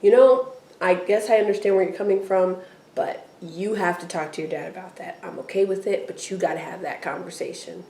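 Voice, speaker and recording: A woman co-hosting a casual recap chat, animated and acting out characters' lines in quick playful voices. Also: on the low side, a little hiss or hum. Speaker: podcast co-host recapping a TV episode. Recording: echoey room, far from the mic.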